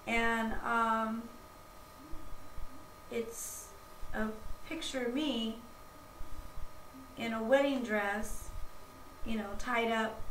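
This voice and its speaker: A woman's voice: on the high side, fairly bright tone, recorded from a distance. A woman vlogging at home, telling a rambling, gushing anecdote full of fillers and restarts. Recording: roomy, off-mic, faint background noise.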